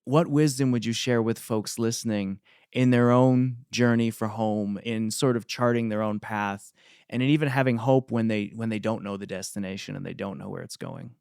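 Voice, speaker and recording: A man hosting an interview podcast, asking gentle, encouraging questions. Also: lowish voice, moderate pace, vocal fry, clear, resonant tone, no room sound, clean studio sound. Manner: gentle, encouraging, brief affirmations. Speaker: podcast host.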